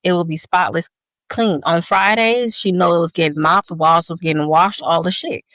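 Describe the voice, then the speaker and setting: A woman's voice: on the low side, normal speed, a bit bright, dry recording. A woman co-hosting a podcast in casual chat, telling long, blunt, profane stories. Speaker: podcast co-host.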